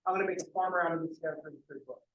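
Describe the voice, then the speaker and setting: A man's voice: fairly high pitch, racing, a bit bright, roomy sound, lo-fi sound, a little hiss or hum, lightly acted. A man voicing a bored wizard who raises the undead, in a weary, grumbling way.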